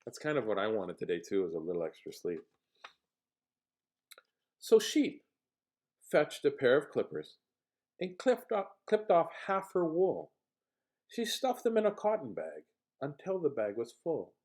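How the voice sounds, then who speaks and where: A man's voice: mid-range voice, huge pitch swings, unhurried, long pauses, a little mellow. A man reading a picture book aloud, playful with jokes and asides. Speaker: storybook reader.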